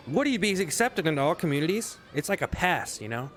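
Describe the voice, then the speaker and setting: A man's voice: sits high, big pitch swings, moderate pace, a bit bright. A man ranting in a sarcastic, rambling comedic monologue, swearing often, in a casual vlog. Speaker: vlogger.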